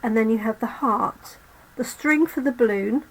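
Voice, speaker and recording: A woman's voice: a little high, normal speed, a little hiss or hum, rough recording. A woman hosting a live card-making demo, losing her voice, chatting to viewers as she works. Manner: chatty, talks to viewers while working. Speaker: crafting channel host.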